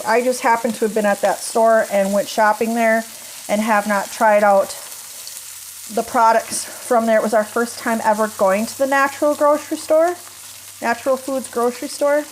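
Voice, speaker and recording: A woman's voice: a little high, slight background noise. A woman vlogger chatting casually to her phone camera while cooking in her home kitchen, folksy and easygoing.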